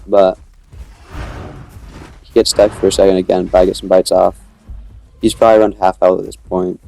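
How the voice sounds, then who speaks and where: A man's voice: sits low, little pitch movement, normal speed, vocal fry, dark tone, faint music behind. A young man casually narrating his own dinosaur gameplay, rambling as he tells the story and acting out quoted lines.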